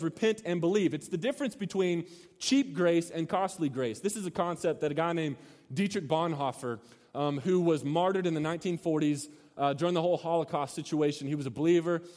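An animated man preaching a sermon, telling a long story and acting out shouts. His voice sits a little high for a man and rings in the long reverb of a big hall. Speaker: pastor.

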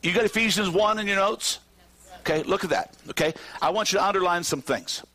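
A man preaching a sermon to his congregation, climbing to shouted peaks and dropping to low, drawn-out phrases. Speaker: pastor. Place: church sanctuary with congregation.

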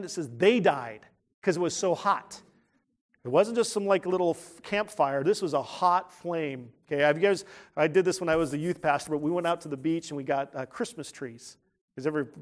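A man preaching a sermon in a conversational way, asking the congregation questions and dropping to a hushed tone for serious points. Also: a little high, moderate pace. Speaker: pastor.

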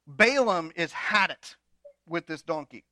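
A man's voice: on the high side, expressive, unhurried, bright, forceful tone, no room sound. A man pastor preaching a sermon, retelling a story with humorous asides.

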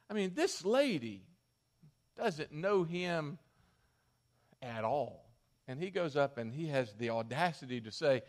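A male pastor delivering a sermon with a high voice and an animated, conversational manner. He talks to the listeners directly, as if in everyday conversation. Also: measured pace, pauses often.

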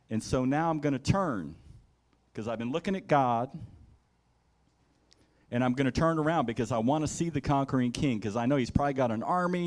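A man's voice: medium pitch, brisk, long pauses. A man preaching a sermon in a conversational way. He acts out scenes in the first person as he tells them and adds asides like "right?". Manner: animated storytelling, acting out scenes in the first person.

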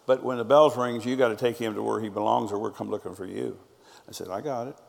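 A middle-aged pastor speaks fast in a large hall, his fairly low voice steady and edged with vocal fry. He preaches through stories, quoting what people said to one another.

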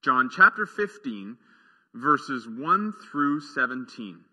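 A man preaching an earnest, measured sermon as a pastor in a church, letting his phrases trail off softly. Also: medium pitch, sing-song, husky, big-room sound, muffled recording.

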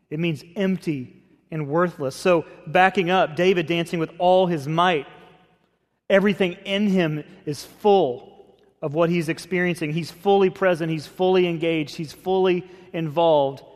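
A man pastor preaching a sermon in a conversational, expressive way. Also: a little high, normal speed. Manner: conversational, expressive, acts out scripture quotes. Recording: long hall reverb.

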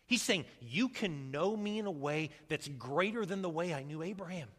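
A man preaching a sermon as a pastor, swinging from loud calls to hushed, low lines. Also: lively intonation, normal speed, long reverb tail. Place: church sanctuary.

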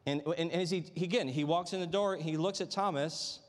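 Speaking briskly in a voice somewhat high for a man, a pastor gives an easygoing, conversational sermon to his congregation. He leans on rhetorical questions to keep listeners with him, and the long reverb of a large church sanctuary surrounds his words.

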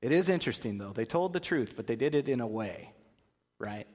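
There's a slight hiss or hum under this pastor's brisk, mid-range voice, along with a long hall reverb. Before an audience in a large hall, he teaches an interactive Bible lesson, animatedly acting out voices and asking the crowd questions.

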